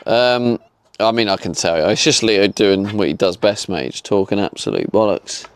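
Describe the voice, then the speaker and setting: A man's voice: on the low side, expressive, normal speed, clear, resonant tone. A man, chatting casually with his stream audience while he works, laid-back and full of fillers. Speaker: livestreamer building a camper van. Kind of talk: casual chat.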